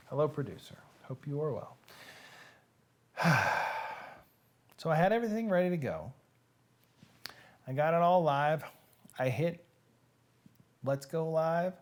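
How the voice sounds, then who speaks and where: A man's voice: a little high, darkish tone. A man hosting a live-streamed reading show, chatting casually and joking straight to his viewers. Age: adult with nieces and nephews who have babies.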